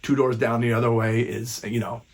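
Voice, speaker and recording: Gravelly man in his fifties. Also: medium pitch, level tone, normal speed, a little mellow, slight background noise. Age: 50s. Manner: rambling, profane, frequent restarts. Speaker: stand-up comedian. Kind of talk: casual storytelling vlog.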